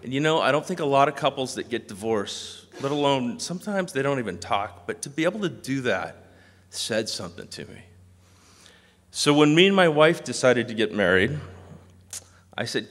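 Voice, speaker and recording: A man giving a memorial speech, telling animated anecdotes and mimicking voices. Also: medium pitch, moderate pace. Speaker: eulogy speaker. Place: large hall. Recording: long hall reverb.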